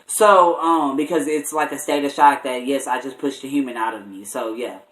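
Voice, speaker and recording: A young man and college student telling a personal story in an animated, casual way, with lots of "like" and restarts. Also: mid-range voice, normal speed, background noise. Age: young adult. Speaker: vlogger. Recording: echoey room, mic at a distance.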